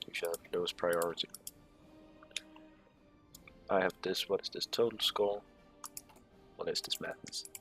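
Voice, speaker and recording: A man's voice: sits low, steady tone, unhurried, pauses often, bright, forceful tone, soft background music. A man giving casual strategy game commentary, reading menu text aloud with sarcastic, muttered asides. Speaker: gameplay commentator.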